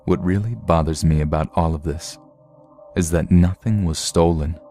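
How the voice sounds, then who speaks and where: Deep-voiced man reading horror stories. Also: faint music behind. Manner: steady, measured storytelling read. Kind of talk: scripted horror story narration.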